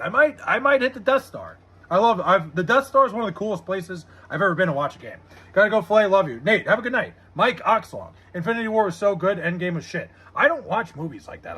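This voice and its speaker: A man's voice: sits high, bright, forceful tone, slightly rough. A man live streaming, chatting casually, reading chat aloud and swearing in frustration over a baseball game. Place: home room with TV.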